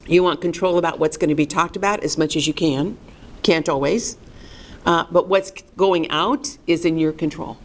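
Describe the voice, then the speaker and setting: A woman's voice: low-pitched, fairly even intonation, moderate pace. Emphatic woman teaching a fundraising workshop. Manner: emphatic, coaching, asks and answers own questions. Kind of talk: recorded workshop lesson.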